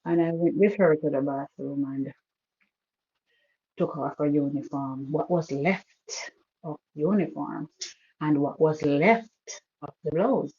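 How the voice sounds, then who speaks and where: A woman calls in to a live show and tells a hard family story in a quiet, halting voice, stopping and restarting often. Her voice is mellow and darkish. It comes through a poor, muffled phone connection. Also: sits low. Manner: soft-spoken, halting with restarts. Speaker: caller. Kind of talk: emotional personal story on a call-in show. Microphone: phone call.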